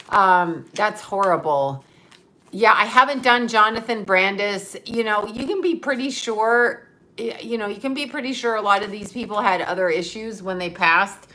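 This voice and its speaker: A woman's voice: medium pitch, sharp tone. Chatty, profane woman on a livestream. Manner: chatty, profane, reads viewer comments aloud; laughs often while talking. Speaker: livestream host. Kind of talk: casual livestream chat.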